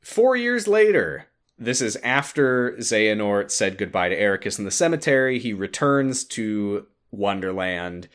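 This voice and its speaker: Lively low-voiced man recapping a story. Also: normal speed, hardly any pauses, smooth. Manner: animated, jumps into voices for quoted lines, laughs often. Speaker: podcast co-host recapping a game story. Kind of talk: casual chat.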